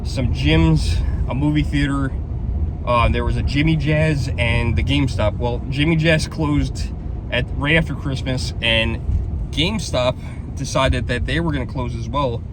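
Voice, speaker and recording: Excited man vlogging over traffic noise. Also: mid-range voice, measured pace. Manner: excited, rambling, exclaims "holy crap". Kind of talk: casual vlog storytelling. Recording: noisy outdoor traffic.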